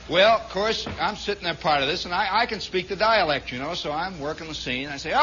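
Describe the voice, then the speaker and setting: A man's voice: sits high, brisk, few pauses, bright, forceful tone, slight background noise. A man from Indiana telling a long, rambling story on his radio show, full of asides. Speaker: radio host. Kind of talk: storytelling monologue. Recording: dull lo-fi 1960s radio broadcast.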